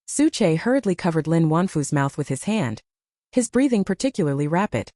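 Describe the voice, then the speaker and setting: A woman's voice: fairly low pitch, big pitch swings, moderate pace, dark tone, no echo, clean studio sound. A woman narrating a romance novel in a scripted storytelling manner.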